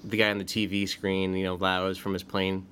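A man's voice: sits low, completely flat delivery, a little fast, fairly bright tone. A man casually discussing a movie as a podcast co-host, chatty and talkative. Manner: chatty, quotes scenes with put-on voices. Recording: faint background noise.

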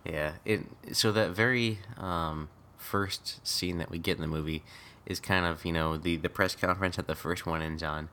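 A man with a deep voice talks through a film scene by scene in a relaxed chat. His tone has a bright, forward edge, and he breaks into laughter often as he pokes fun at the acting. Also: normal speed, hardly any pauses, slight background noise. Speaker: podcast co-host. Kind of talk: casual movie recap chat.

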